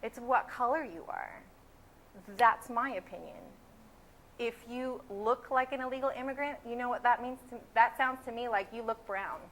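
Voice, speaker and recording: A woman's voice: on the high side, moderate pace, a bit bright, low-quality recording. A woman in her twenties from California, a graduate student giving earnest, opinionated interview answers. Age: 20s. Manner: earnest and opinionated, building emphasis.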